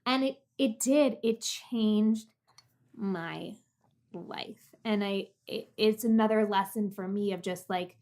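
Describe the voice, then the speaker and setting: A woman's voice: medium pitch, slow pace, darkish tone. Candid pregnant woman sharing emotionally. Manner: open, emotional storytelling with lots of "like". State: heavily pregnant. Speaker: podcast guest. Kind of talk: candid conversational interview.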